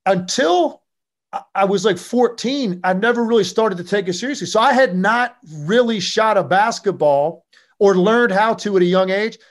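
A man's voice: sits high, normal speed. A man from Virginia, a former basketball player, telling stories in a casual interview with lots of fillers. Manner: animated, with frequent fillers.

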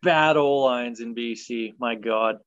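A man leads a casual football talk segment, sliding between loose filler words and firm opinions. His voice sits at a middle pitch. The recording is close and dry, with a slightly dulled top end. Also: slow pace, no room sound, dull audio. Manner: relaxed, opinionated, many ums and uhs. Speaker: sports podcast host.

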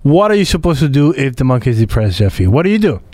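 A man co-hosting a comedy podcast, tossing in quick wisecracks and teasing questions. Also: medium pitch, very animated, darkish tone. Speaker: podcast co-host. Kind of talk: casual comedic banter.

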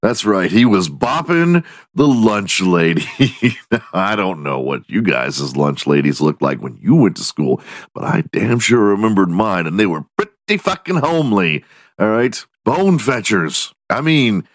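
A comedy podcast host delivers a crude news rant in a lowish, sing-song, unhurried voice with no room sound. He swears freely, laughs at his own jokes, and slips into mock voices.

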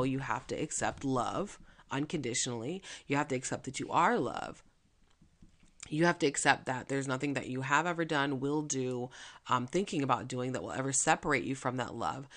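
Woman, host and mentor, motivational talk, energetic, chatty, quick bursts. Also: rumbling low.

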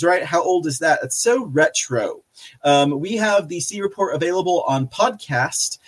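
A man's voice: fairly high pitch, animated, unhurried. A man hosting a live podcast, reading out viewer chat in a casual, rambling way with lots of fillers and frequent laughter. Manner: chatty, rambling, laughs often, many fillers. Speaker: podcast host.

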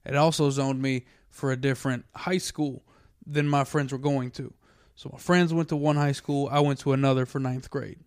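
Male co-host, casual chat, quick profane jokes, smooth tone, dry close mic. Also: mid-range voice, fairly even intonation, no echo. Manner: joking, profane, quick quips.

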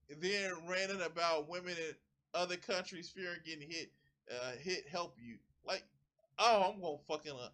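A man tears into a clip in angry reaction commentary, swearing freely and mocking what he heard. His voice sits high and bright. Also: normal speed. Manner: profane, heated ranting with mocking impressions. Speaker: commentary streamer.

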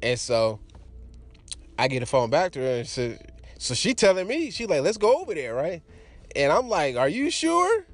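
A man's voice: on the high side, big pitch swings, moderate pace, pauses often. A man telling a crude personal story in casual chat, laughing often and restarting his sentences as he rambles. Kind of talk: casual anecdote monologue.

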